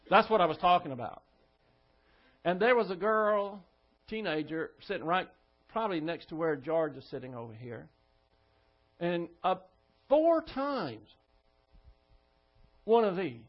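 A male pastor preaching a sermon, telling a story in a firm, instructive manner. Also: a little high. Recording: dull lo-fi church recording.

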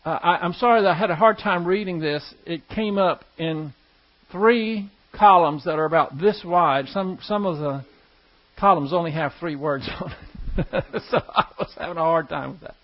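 High-voiced man teaching a folksy Bible class. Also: normal speed. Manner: folksy, explanatory, asks the class questions. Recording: dull lo-fi classroom recording.

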